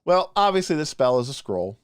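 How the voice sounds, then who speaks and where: A man co-hosting a live stream, ranting passionately in a casual, animated way with frequent restarts. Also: fairly high pitch, fairly quick, smooth, dry recording, clean studio sound, faint music behind. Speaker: podcast co-host reviewing game spells.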